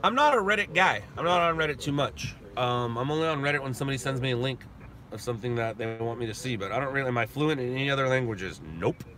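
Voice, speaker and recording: Bright-voiced man from Southern California. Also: mid-range voice. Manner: slow, deliberate talk, reads and answers viewer chat. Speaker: live streamer. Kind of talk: casual live stream chat.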